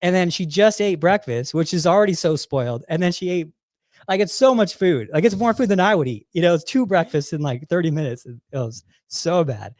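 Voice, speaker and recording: A man chats casually on his podcast, racing through a story packed with fillers and restarts. His voice sits a little high. The sound is dry and close. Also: lively intonation, fairly quick, darkish tone, dry recording. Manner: rambling, filler-heavy storytelling with many restarts. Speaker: fitness coach and podcast host. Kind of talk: casual chat.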